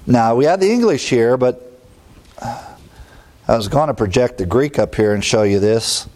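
A man preaching an expository sermon, explaining word meanings with emphatic rises in pitch and brief chuckling asides. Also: lively intonation, a little slow, a little mellow. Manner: emphatic teaching, leaping up in pitch on key words, chuckling asides.

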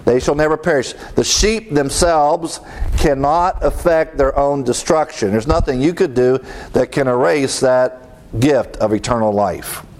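A middle-aged man teaches in a sermon style with an earnest, emphatic delivery. His voice sits at an ordinary middle pitch, and he drives home each point by repeating it. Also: measured pace, darkish tone. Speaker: preacher teaching a class.

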